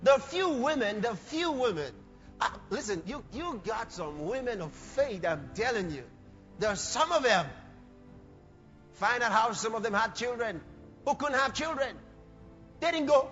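Man, very high voice, fervent sermon, echo from a long reverberant hall, dull muffled sound. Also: lively intonation, a little slow, soft background music. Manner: fervent, shouting peaks, acts out quoted people. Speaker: preacher.

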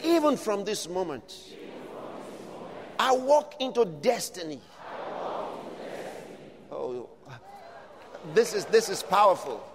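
A man preaching a sermon, building from steady teaching to shouted declarations. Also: high-pitched, slow, long pauses, in a large hall, noisy background.

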